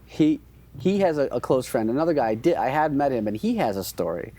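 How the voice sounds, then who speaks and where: A man's voice: mid-range voice, big pitch swings, fairly quick, dark tone. A man co-hosting a podcast, telling an anecdote in a rambling, hesitant way with many restarts. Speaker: podcast co-host. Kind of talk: casual chat, storytelling.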